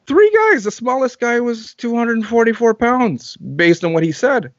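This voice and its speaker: A man's voice: very high-pitched, measured pace, dry recording. Man telling a story animatedly, dull dry sound. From Canada. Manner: animated, repeats phrases, restarts often. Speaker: interview guest. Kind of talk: casual storytelling.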